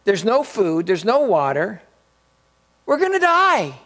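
Preacher putting on a frantic castaway guy, yelling high and loud, repeats himself over and over. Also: wildly swooping pitch, slow pace, full character voice. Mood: exasperated. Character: panicking shipwrecked man, frantic and shouting.

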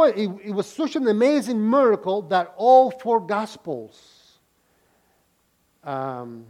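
A man preaching a sermon, reading scripture and explaining it to listeners with frequent questions and restarts. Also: high-pitched. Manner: repeats words and restarts phrases.

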